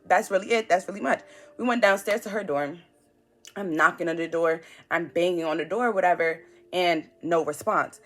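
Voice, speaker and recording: A woman's voice: on the low side, normal speed. Blunt young New woman. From New York. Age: young adult. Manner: animated, blunt, slangy storytelling with acted-out quotes. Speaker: vlogger. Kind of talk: storytime vlog.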